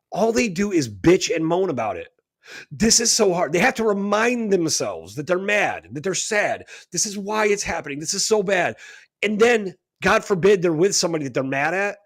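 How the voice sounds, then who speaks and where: A man with a fairly high, husky voice co-hosts a spiritual talk radio show. He lectures in an emphatic, preachy way, driving each point home by repeatedly asking a rhetorical "right?".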